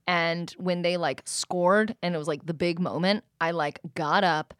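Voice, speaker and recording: A woman's voice: lowish voice, fairly even intonation, fairly bright tone, no echo. Giggly young woman, dry close sound. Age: young adult. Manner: giggly, quick to laugh, chatty. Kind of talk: casual podcast chat.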